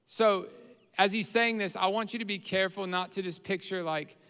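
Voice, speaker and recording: A man preaching a sermon, earnest, getting louder when he voices a troubled prayer. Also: high voice, steady tone, moderate pace, clean tone. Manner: earnest preaching, rises in volume on quoted prayers. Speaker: pastor. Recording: roomy hall reverb.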